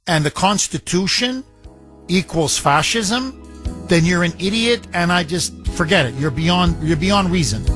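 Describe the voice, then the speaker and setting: A male talk radio host with a fairly high voice speaks in an emphatic, scornful way. His delivery is slow and deliberate, and the sound is dry and close to the studio mic. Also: a bit bright, no echo.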